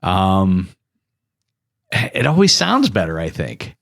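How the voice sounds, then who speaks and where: A man's voice: deep voice, wildly swooping pitch, slow, creaky, a bit bright. A man co-hosting a casual podcast, joking and teasing the others.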